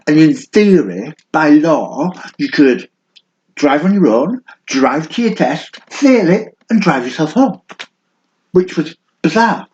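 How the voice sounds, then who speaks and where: A man's voice: on the high side, sing-song, slow, darkish tone. A man in his fifties, a podcast co-host telling stories in casual chat and laughing often. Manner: chatty storyteller, laughs often. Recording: dull lo-fi sound, faint noise.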